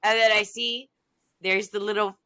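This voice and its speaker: Bright-voiced excitable woman. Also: medium pitch, moderate pace. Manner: excitable, animated, heavy use of "like". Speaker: guest. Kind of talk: casual storytelling on a podcast.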